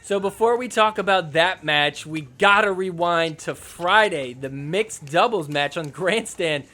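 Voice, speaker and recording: Male podcast host, high voice, animated and jokey, casual commentary over clips. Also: measured pace, few pauses. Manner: animated, laughing, mocking the players.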